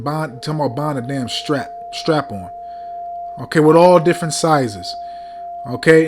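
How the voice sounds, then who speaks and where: A man with a fairly high voice preaches a heated sermon of rebuke, reading scripture between blunt, profane remarks. He often stumbles over fillers and keeps repeating "man."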